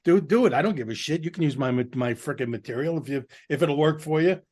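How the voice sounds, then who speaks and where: A stand-up comedian with a slightly high voice swaps rambling, salty stories. He talks in a loose, frank way. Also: quick pace, a little mellow. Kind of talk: casual anecdote chat.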